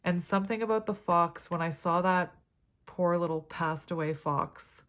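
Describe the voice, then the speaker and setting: A woman's voice: fairly low pitch, moderate pace, a bit bright. A woman giving a tarot reading to camera, chatty and rambling, with many fillers and side stories. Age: adult parent. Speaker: tarot reader.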